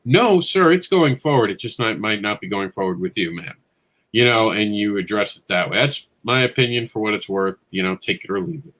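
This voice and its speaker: A man's voice: fairly low pitch, fairly quick. A man who writes comics, talking bluntly and jokingly in a casual panel chat. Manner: blunt, animated, jokey storytelling.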